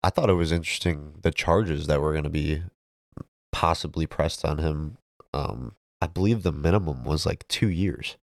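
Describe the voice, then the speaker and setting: A man with a very low, gravelly voice co-hosting a casual podcast. He reads out details and fills gaps with "um" and "like", and the sound is dry and close-miked. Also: moderate pace, no echo. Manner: casual, reads out news details, hedging fillers. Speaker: podcast co-host. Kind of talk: casual chat.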